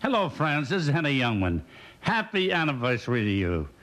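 A man's voice: mid-range voice, huge pitch swings, a little fast, fairly bright tone. An older man delivering punchy one-liner jokes and laughing at his own gags. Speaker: comedian. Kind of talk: rapid one-liner stand-up.

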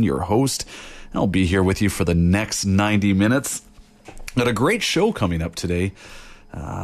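A young man hosting a campus radio show, announcing in an upbeat, mock-grand way. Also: on the low side. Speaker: radio host.

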